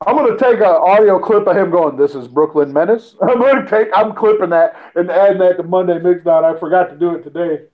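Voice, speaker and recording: Very high-voiced giggly man, muffled line. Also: fast talker, few pauses. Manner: giggly, excitable, slangy. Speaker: podcast host. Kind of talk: casual podcast chat. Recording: slightly muffled with faint hiss.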